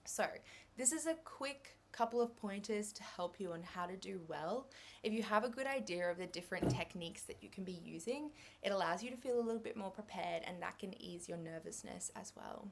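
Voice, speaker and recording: A woman's voice: medium pitch, lively intonation, brisk, gravelly, slight background noise. A young Australian woman giving a revision lecture on English exam skills, chatty and upbeat, with light laughs.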